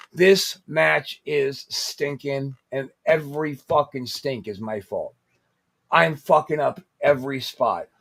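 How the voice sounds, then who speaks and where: A man telling a wild story in casual podcast chat, profane and animated. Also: fairly high pitch, vocal fry. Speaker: podcast co-host.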